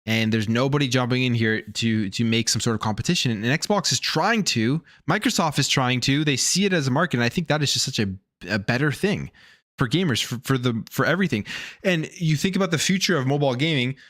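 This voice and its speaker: A man's voice: mid-range voice, expressive, brisk, fairly bright tone, no echo, clean studio sound. A man streaming gaming news commentary, rambling in a casual, opinionated way and often restarting or repeating his words.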